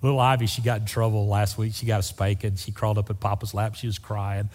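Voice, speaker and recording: An older man preaching a sermon as pastor, fervent and swinging between loud outbursts and soft, quiet passages. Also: fairly low pitch, flat delivery, quick pace, long reverb tail.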